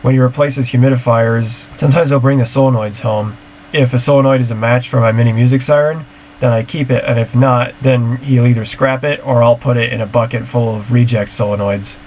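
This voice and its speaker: This siren-hobby creator talks briskly in a darkish, mid-range voice with fairly even intonation while a slight hiss or hum runs underneath. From home, on a screen recording, he casually reacts to a video and answers viewers' questions in a rambling, technical, matter-of-fact way.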